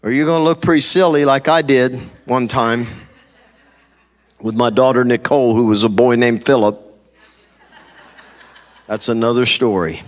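A man's voice: mid-range voice, moderate pace, long pauses. A middle-aged man preaching a sermon from a church stage, telling funny stories and acting out the people in them. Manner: humorous storytelling, acting out quoted people. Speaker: pastor. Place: church stage before a congregation. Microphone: handheld mic.

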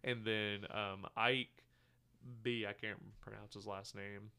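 A man's voice: on the low side, level tone, takes it slowly, pushed and bright, clear, resonant tone. A man co-hosting a podcast, casually recapping a movie scene by scene, rambling with fillers and quoted lines. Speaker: podcast co-host. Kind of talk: casual movie review chat.

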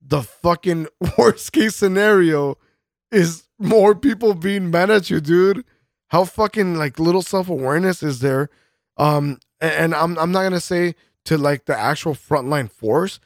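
A man's voice: on the high side, unhurried, no echo, clean studio sound. A man co-hosting a podcast, ranting angrily with constant swearing and bursts of laughter. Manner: profane, heated ranting with frequent laughs. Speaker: podcast co-host. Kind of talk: casual podcast rant.

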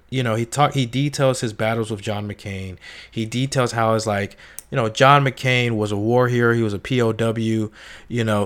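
Slangy young man reviewing a book. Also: mid-range voice. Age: young adult. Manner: animated, slangy, acts out quotes in raised voices. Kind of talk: casual spoken book review.

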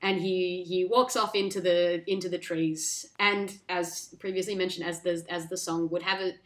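A woman's voice: lowish voice, steady tone, moderate pace, a bit bright. A woman co-hosting a podcast, casually retelling a film plot in a rambling way, full of likes and restarts. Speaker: podcast co-host. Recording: echoey room.

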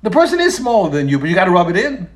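A man teaching a religious text, talking in an animated, emphatic way and often repeating phrases and restarting. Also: high voice, racing. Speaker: Torah teacher. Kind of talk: explaining a text in a lesson.

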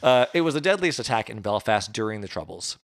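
A podcast host recounts history in a casual chat, telling it conversationally with jokey asides. His lowish voice is very animated and fast. The studio-quality recording has no room sound.

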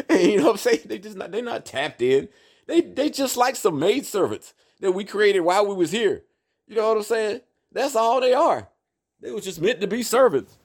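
A man's voice: fairly high pitch, no room sound. Profane rambling man, dry sound. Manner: profane, rambling, constant "you know what I'm saying" fillers; animated, often laughing between points. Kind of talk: casual ranting monologue.

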